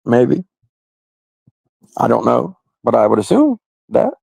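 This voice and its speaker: In casual live-stream chat, a man rambles to his viewers in a crude, loose way, frequently bursting into laughs. His heavily gravelly, fry-laden voice has a darkish tone and wildly swooping pitch, and he speaks slowly. The recording is dry and close, with no echo or room around it.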